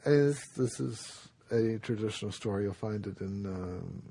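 Gravelly husky male storyteller. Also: on the low side. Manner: relaxed, unhurried storytelling with many fillers. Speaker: dharma teacher. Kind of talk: storytelling talk.

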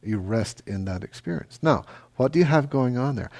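A middle-aged man teaching a meditation class, answering questions in a relaxed, halting way with many fillers. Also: mid-range voice. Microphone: microphone.

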